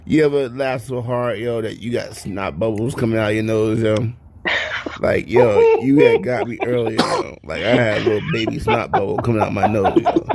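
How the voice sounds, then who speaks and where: A man's voice: on the low side, expressive, normal speed, darkish tone, slight background noise. A man calling in to a casual live chat, laughing and saying "yo" a lot.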